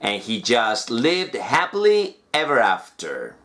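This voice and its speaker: Lively man reading a children's story. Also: mid-range voice, takes it slowly. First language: Spanish. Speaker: English teacher.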